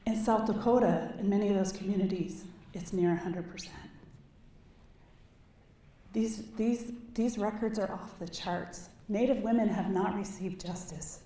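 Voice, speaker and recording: A woman's voice: medium pitch, fairly even intonation, normal speed, hardly any pauses, dark tone, a little hiss or hum. A woman giving a keynote speech, telling a personal story with earnest, rising passion. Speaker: keynote speaker. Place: large conference hall. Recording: echoey hall, distant mic, faint ambience.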